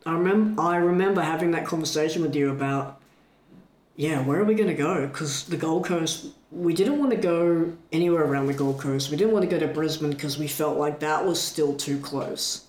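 A man retelling a story in a casual chat, animated and full of restarts. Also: a little high. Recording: echoey room.

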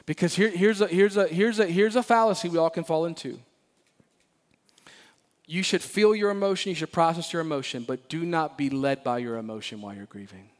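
A man with a fairly high-pitched voice preaches as pastor in a church sanctuary. He's emphatic and lively, playfully playing the parts of Bible characters and repeating phrases again and again.

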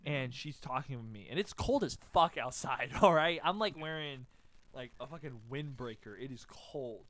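A man on a podcast, casually telling a story to his co-host, animated and swearing often, with lots of fillers. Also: medium pitch, normal speed. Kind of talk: casual chat.

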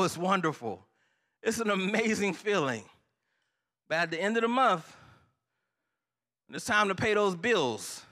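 A male pastor delivering a sermon in a high, bright voice. He keeps prompting his listeners with half-finished questions for them to answer back. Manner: preachy call-and-response, asks the congregation to finish lines.

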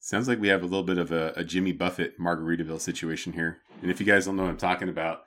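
A man's voice: deep voice, steady tone, rapid-fire, fairly bright tone. A man co-hosting a casual podcast, joking around and throwing in pop-culture asides. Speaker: podcast co-host.

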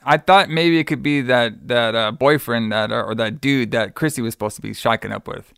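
A man's voice: medium pitch, fairly quick, vocal fry, a bit bright, clear, resonant tone, dry recording, studio quality. Rambling, profane man recapping a movie. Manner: rambling, profane, many "like" fillers, acts out quotes. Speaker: podcast co-host recapping a movie. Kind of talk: casual chat.

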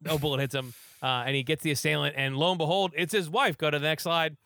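A man's voice: on the high side, fairly even intonation, fast, bright, forceful tone, no echo, studio quality. A man giving a casual, rambling movie recap, full of fillers and acted-out quotes.

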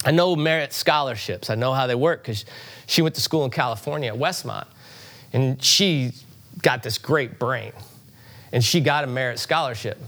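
A middle-aged man preaching a sermon to a congregation in a church, conversational and animated, with asides and rising emphasis. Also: medium pitch, normal speed. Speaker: pastor.

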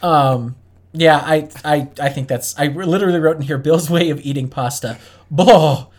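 A man's voice: on the high side, fairly even intonation, moderate pace. A man co-hosting a casual podcast, talking candidly and thinking aloud with frequent restarts. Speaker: podcast co-host. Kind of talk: casual chat.

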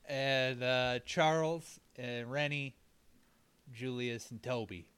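A man co-hosting a casual podcast, recapping a film's plot with jokes and quick comic impressions of the characters. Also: mid-range voice, fairly even intonation, a bit bright, smooth, no echo. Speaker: podcast co-host. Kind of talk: casual movie recap banter.

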